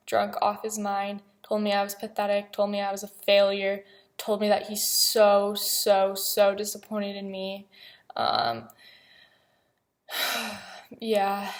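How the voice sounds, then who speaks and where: Young woman, confessional vlog, halting delivery, flat intonation, mid-range pitch. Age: young adult. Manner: halting, hesitant, many pauses and fillers. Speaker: vlogger.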